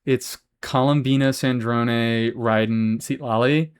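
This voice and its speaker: Male streamer, casual chat, swears a lot, talks back to chat, middle pitch. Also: fairly even intonation, takes it slowly, clear, resonant tone. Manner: chatty, swears freely, answers chat. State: has hiccups. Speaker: game streamer.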